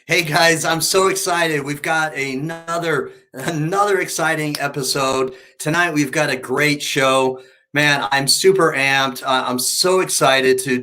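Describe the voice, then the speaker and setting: Fired-up male talk show host. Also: a little high. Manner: excitable, hype-filled. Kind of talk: live show host introduction.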